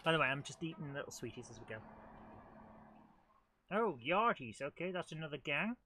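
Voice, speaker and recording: During a live let's-play, the middle-aged host of a retro gaming channel banters, talks to the game and teases himself. He speaks at normal speed in a slightly high, sing-song voice that sounds pushed and bright.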